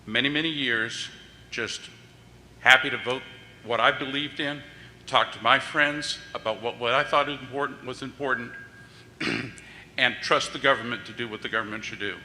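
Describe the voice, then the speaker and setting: A middle-aged man giving plain, measured, polite public testimony. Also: mid-range voice, steady tone, pushed and bright. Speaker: public commenter. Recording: echoey hearing room with faint hiss.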